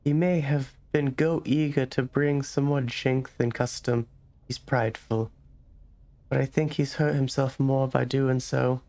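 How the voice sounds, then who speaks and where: A man's voice: medium pitch, steady tone, a little slow, lightly acted. A man voicing an anxious middle-aged woman who speaks hesitantly in an old-fashioned dialect. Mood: worried. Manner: hushed, hesitant, rough old-world dialect.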